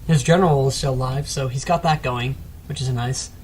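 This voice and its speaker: A man's voice: mid-range voice, fairly quick, slight background noise. Rambling man commentating a game replay. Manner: rambling, self-mocking, chatty asides. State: a bit sick. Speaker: gameplay commentator.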